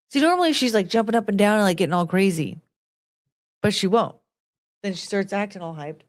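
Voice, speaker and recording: A woman's voice: medium pitch, very animated, a little fast, no room sound. A young woman hosting a casual livestream, chatty and rambling, slipping into baby talk with her dog. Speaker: livestream host.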